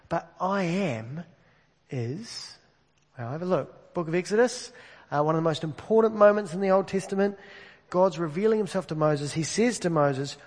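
Man preaching in a reverberant church. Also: fairly high pitch. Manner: conversational, asks the congregation direct questions. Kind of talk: sermon. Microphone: amplified microphone. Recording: long reverb of a large hall.

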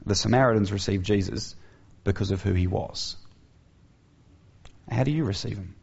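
Man, preacher, earnest sermon, rhetorical questions, vocal fry, muffled lo-fi sound. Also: fairly low pitch, normal speed, darkish tone. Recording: dull lo-fi recording.

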